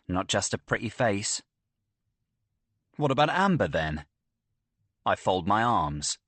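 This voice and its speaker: A young adult man reads a first-person thriller in a low voice that rises and falls a great deal. He takes his time, letting the tension build. The recording is close and dry. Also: dry recording. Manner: expressive, tense storytelling. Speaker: audiobook narrator.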